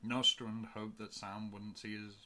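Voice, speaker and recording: A man narrating an amateur audiobook in a steady, measured reading. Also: fairly low pitch, heavy background noise.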